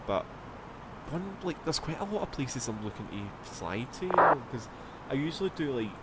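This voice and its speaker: A man's voice: mid-range voice, big pitch swings, normal speed, very noisy. A man with a Scottish accent, rambling casually as he streams a flight sim, swearing now and then. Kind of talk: casual gameplay commentary.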